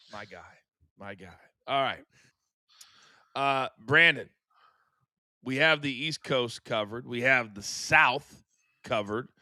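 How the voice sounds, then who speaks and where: Male sports talk host, playful and teasing, brightly toned and dry. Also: mid-range voice, no echo. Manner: playful, teasing, hands out segments.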